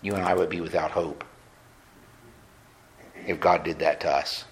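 A pastor preaching a sermon. He is earnest and slows down to stress key points. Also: sits low, little pitch movement. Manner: earnest preaching, slows down for emphasis, acts out quoted voices.

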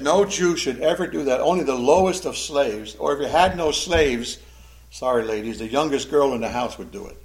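A man teaching a Sunday school sermon, animated, acting out the quoted voices in the story. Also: mid-range voice.

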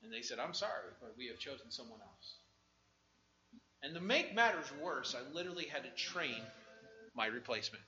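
A middle-aged man preaching a sermon with a personal testimony, swinging from hushed asides to shouted exclamations. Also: mid-range voice, lively intonation, normal speed, roomy sound, dull audio.

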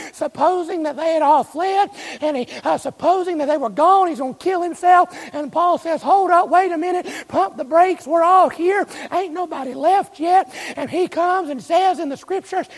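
Male preacher with a high, raspy voice, emphatic, questioning the pews, long church reverb. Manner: slows and stretches key phrases. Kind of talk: sermon. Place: church sanctuary.

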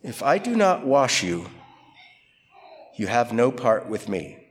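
A man preaching an expository sermon in a conversational, animated way, acting out quotes from scripture figures. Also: medium pitch, takes it slowly, slight background noise. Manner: conversational, animated quoting of Peter and Jesus. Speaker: pastor.

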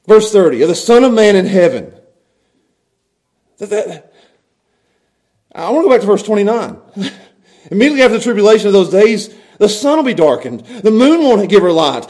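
High-voiced animated male preacher. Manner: animated preaching, swinging from quiet to loud, chuckling between points. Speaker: pastor. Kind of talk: sermon.

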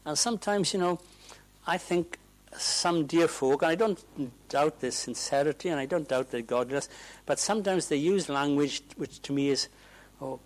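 A preacher delivers a sermon, his voice sitting fairly high for a man. He moves from quiet, confiding asides to loud, emphatic declarations, and it all rings out in a church. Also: moderate pace, poor audio. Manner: emphatic, swings from hushed asides to loud ringing proclamations.

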